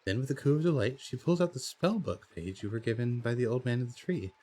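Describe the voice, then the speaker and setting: A man's voice: mid-range voice, fast, dark tone. A man streams a text adventure game and reads its story aloud. His voice sits in an average range and sounds plain and unforced. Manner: reads story text, then chats about choices with fillers and laughs. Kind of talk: reading a text adventure aloud while playing.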